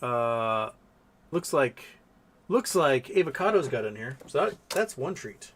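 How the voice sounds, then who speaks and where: A man's voice: mid-range voice, big pitch swings, a little slow, fairly bright tone. A man hosting a casual livestream, reading viewer comments aloud and chatting to his pets between them. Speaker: livestream host.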